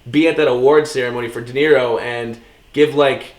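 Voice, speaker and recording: Excitable young man in an echoey room. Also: medium pitch. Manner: excited, quick, jokey, does impressions. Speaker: podcast co-host. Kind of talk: casual chat.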